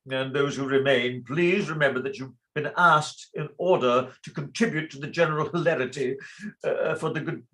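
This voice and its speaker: A man's voice: fairly high pitch, fairly bright tone. A man reading a blustering fussy father. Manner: blustering, fussing, mock-solemn. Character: fussy fond father of the bride, older man. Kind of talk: amateur play reading.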